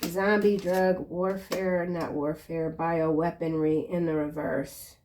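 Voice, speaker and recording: Woman, tarot reader, unhurried delivery, chatty and slangy, sudden excited outbursts. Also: lowish voice, slight background noise. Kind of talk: casual tarot reading.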